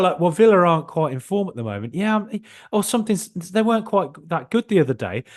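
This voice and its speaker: A man hosting a casual football podcast, animated and joking, with mild swearing and frequent restarts. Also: high-pitched. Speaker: podcast host.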